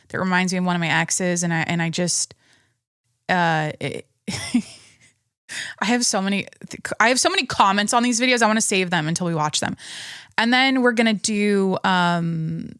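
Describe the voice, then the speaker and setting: A young woman talks loosely into a close podcast mic, rambling and chatty with lots of restarts. Her voice sits at a middle pitch and the sound is dry, with no room around it. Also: fairly bright tone, clear, resonant tone, dry recording. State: pregnant. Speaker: podcast host. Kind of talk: casual solo podcast chat.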